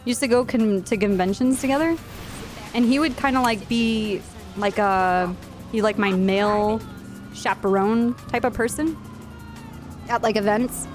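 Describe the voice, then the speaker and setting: A woman's voice: fairly high pitch, unhurried, faint music behind. Woman telling a blunt, rambling story. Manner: blunt and profane, rambling with many fillers. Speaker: streamer. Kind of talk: casual storytelling while live streaming a game.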